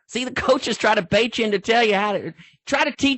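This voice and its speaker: A man's voice: extremely high pitch, brisk, fairly bright tone, no echo. An older man, a football official telling stories in a folksy, rambling way with many restarts. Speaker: football official, guest speaker. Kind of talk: storytelling in an online training talk.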